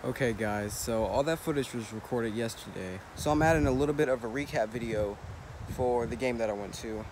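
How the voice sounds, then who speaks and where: A man's voice: medium pitch, a little fast, noisy background. A young man talking casually and upbeat in a sports vlog, first outdoors after a game and later at home. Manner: upbeat, chatty, loose. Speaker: vlogger.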